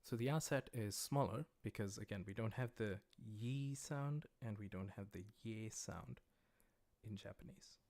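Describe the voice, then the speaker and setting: Low-voiced American man teaching a livestreamed lesson. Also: a little slow, darkish tone. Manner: patient, plain explanations with frequent "uh" and "um". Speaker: language teacher. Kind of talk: livestreamed lesson, explaining as he writes. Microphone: livestream microphone.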